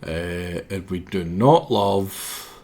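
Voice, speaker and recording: A man's voice: sits low, very slow, warm tone, faint music behind. A man streaming a game, with a sore throat, rambling and self-mocking as he stumbles over his words. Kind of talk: casual game commentary.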